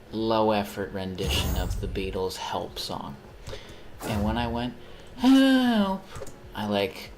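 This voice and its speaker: A man's voice: lowish voice, slight background noise. A young man chatting casually on a live stream while he plays games, rambling, swearing freely and poking fun at himself. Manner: rambling, profane, self-mocking.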